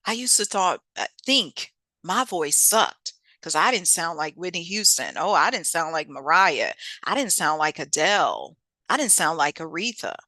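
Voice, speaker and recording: A woman hosting a motivational self-help talk, lively and preachy, with casual speech. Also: on the low side, measured pace, dry recording. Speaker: host.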